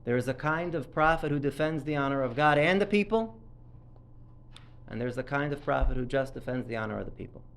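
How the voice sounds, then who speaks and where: Gravelly-voiced man giving a sermon. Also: mid-range voice, expressive, a little fast. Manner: emphatic storytelling, dramatizes quotes with rising intensity. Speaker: Torah speaker at a synagogue event. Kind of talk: sermon-style Torah talk.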